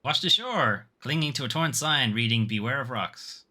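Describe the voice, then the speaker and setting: A man's voice: medium pitch, lively intonation, normal speed, bright, forceful tone. A man voicing a wry, whimsical rock-statue selkie with a posh Edinburgh accent and a playful drawl. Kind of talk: reading game dialogue aloud.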